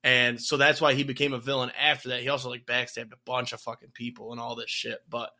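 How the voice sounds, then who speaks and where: Young male co-host, bright tone, animated casual storyteller who swears freely. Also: mid-range voice, fast. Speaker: podcast co-host. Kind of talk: casual chat.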